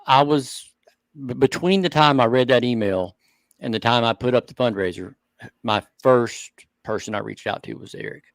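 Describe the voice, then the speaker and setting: A man co-hosting a hobby talk show, speaking earnestly and thinking out loud in casual chat. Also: mid-range voice, moderate pace, no room sound. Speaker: show co-host.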